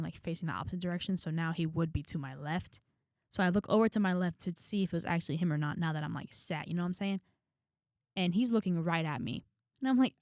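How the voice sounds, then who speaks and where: A young woman vlogger telling a story to camera in a casual, animated way, with dramatic quoted asides. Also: mid-range voice, no room sound, studio quality. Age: young adult.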